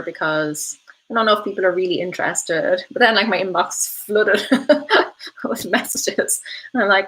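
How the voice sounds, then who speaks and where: A woman's voice: medium pitch, normal speed, sharp tone, rough recording. A woman hosting a casual live stream, chatting with viewers, often saying um and laughing between thoughts. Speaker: host of a live stream, reading viewer comments.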